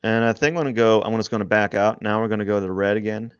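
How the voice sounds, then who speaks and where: A man streaming live as he draws, rambling and thinking aloud, restarting his sentences and often trailing off quietly. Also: lowish voice, level tone, very fast, clean tone, no echo, lo-fi sound. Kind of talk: casual live-stream narration while drawing.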